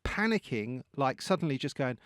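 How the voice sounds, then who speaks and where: A man co-hosting a podcast in casual chat, animated and laughing often as he acts out his own inner voice. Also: medium pitch, normal speed, no echo, clean studio sound. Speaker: podcast co-host.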